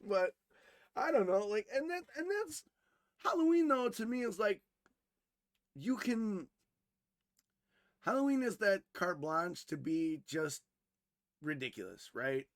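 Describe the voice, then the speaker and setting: Male podcast co-host, high voice, dry close mic, animated storyteller who swears and laughs a lot. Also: slow pace, pauses often, dry recording. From Wisconsin, USA. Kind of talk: casual storytelling chat.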